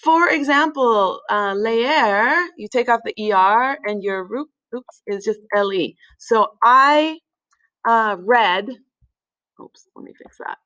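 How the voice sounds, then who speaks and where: A woman teaching a recorded language lesson in a relaxed way, with many fillers, slowing down to spell words out. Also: a little high, low-quality recording. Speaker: Spanish teacher.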